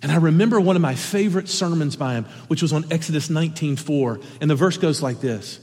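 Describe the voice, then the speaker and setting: Middle-aged male pastor, fairly high voice, earnest sermon delivery, long hall reverb. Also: quick pace, few pauses. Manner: earnest, impassioned preaching with sudden drops to a hush.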